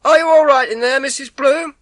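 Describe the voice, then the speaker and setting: A man's voice: extremely high pitch, a little fast, fairly bright tone, no echo, clean studio sound, pitched above the performer's own voice. A man voicing a friendly milkman who calls through a door with concerned, neighbourly questions.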